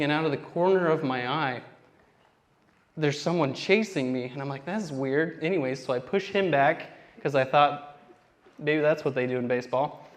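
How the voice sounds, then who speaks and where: A young man doing a stand-up comedy set on a theater stage, telling rambling, self-deprecating stories and acting out what people said. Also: medium pitch. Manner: rambling self-deprecating storytelling with acted-out quotes.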